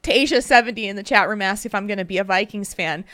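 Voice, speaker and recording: A woman hosting a podcast in casual, chatty talk, animated and rambling with fillers. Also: medium pitch, fast talker, few pauses, no room sound, clean studio sound. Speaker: podcast host.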